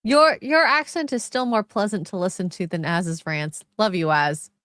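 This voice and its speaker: A woman's voice: mid-range voice, moderate pace, fairly bright tone, dry recording. A woman hosting a casual livestream, reading out viewer comments in a teasing, giggly way. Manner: laughs often, casual and teasing.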